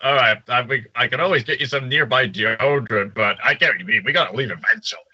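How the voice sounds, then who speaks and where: A man chatting as a player in a tabletop game, in a lively way. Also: mid-range voice, brisk, slightly rough. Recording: dry, dull lo-fi sound.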